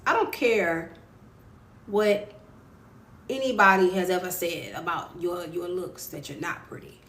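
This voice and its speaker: A woman's voice: fairly low pitch, measured pace, pauses often, fairly bright tone. A woman author hosting a casual live stream, chatting encouragingly with viewers and greeting them by name. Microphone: phone. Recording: echoey room with faint ambience.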